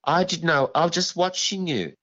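A man voicing an unseen hulking male yowie that scolds him slowly and reproachfully. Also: on the high side, fairly bright tone, highs cut off, voice pushed up. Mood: scolding.

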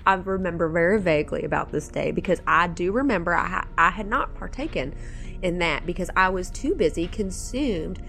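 A woman playing a tabletop game, speaking in a hesitant, halting way. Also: on the low side, vocal fry, a bit bright, soft background music. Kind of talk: in-character play, casual.

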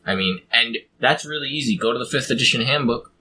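A man's voice: mid-range voice, fast talker, sharp tone, a little hiss or hum, poor audio. A man in casual chat, explaining how to build a fantasy pantheon, rambling with frequent ums. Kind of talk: casual chat about tabletop game design.

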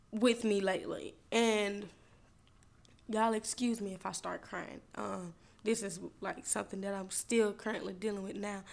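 A woman podcast host talking candidly and emotionally about her healing and faith, speaking to listeners as y'all. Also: mid-range voice. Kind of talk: personal faith testimony.

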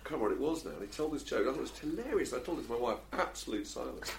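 This man co-hosts a podcast, joking around, laughing a lot at his own gags, and letting his words trail off quietly. His medium-pitched voice is animated, rapid-fire, and creaky in this casual, jokey chat.

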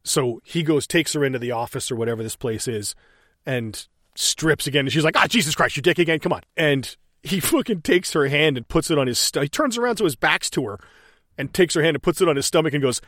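A man's voice: fairly high pitch, brisk, no room sound, clean studio sound. A man co-hosting a casual movie commentary, swearing freely, laughing and acting out scenes as he talks. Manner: profane, animated, laughing storyteller. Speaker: podcast co-host reviewing a movie.

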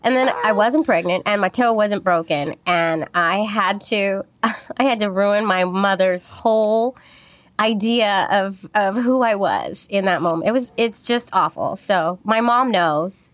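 A woman's voice: mid-range voice, animated, moderate pace, no room sound. A woman telling a personal story in casual chat, candid and rambling, with many fillers and restarts.

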